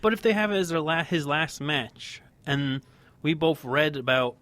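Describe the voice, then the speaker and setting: A man's voice: a little high, animated, normal speed, fairly bright tone, no room sound. A man co-hosting a casual wrestling podcast, talking in a heated, emphatic rant. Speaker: podcast co-host.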